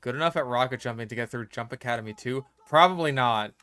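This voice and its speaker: A man's voice: mid-range voice, fast, sharp tone, clear, resonant tone. A young American man giving casual gameplay commentary, muttering and swearing to himself as he plays. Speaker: gaming streamer.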